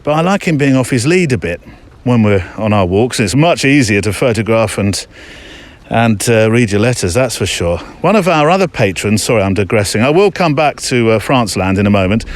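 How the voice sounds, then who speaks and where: A man talks in an easy, middle-pitched voice as he strolls outdoors. He rambles and jokes at his own expense, breaking off now and then to coax his dog along. It is recorded on a portable recorder during a muddy countryside walk. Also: big pitch swings, moderate pace. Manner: chatty, self-mocking, talks to his dog between thoughts. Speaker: podcast host. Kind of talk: casual rambling monologue on a walk.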